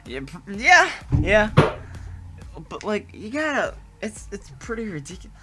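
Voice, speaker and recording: A young man co-hosting a casual podcast, joking around and quick to laugh. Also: high voice, very animated, over music. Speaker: podcast co-host. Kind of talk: casual chat.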